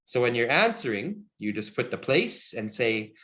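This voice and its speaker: A man's voice: mid-range voice, big pitch swings, fairly bright tone. Friendly man teaching over video call. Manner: friendly and encouraging, chuckles often, slows down to model words. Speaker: Cree language teacher. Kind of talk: online language class over video call. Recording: dull lo-fi video call audio.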